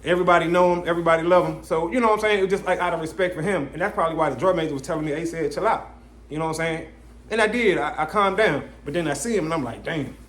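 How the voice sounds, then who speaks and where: A young podcast host with a fairly high voice races through a story at very fast speed, acting out and quoting the people in it with lots of animation. He repeats "you know what I'm saying" frequently, and the audio is reverberant.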